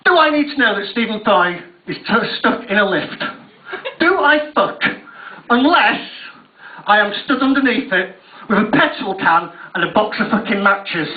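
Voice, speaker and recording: A man's voice: high-pitched, expressive, moderate pace. A young man doing a stand-up comedy routine on stage at a university, sweary and self-mocking about his own nerves. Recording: tinny, distant, echoey live recording.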